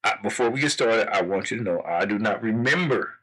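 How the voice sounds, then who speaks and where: A man's voice: fairly low pitch, lively intonation, brisk, fairly bright tone. A man hosting a casual talk show, laughing often and repeating himself as he tells jokes. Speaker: host. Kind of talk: casual chat.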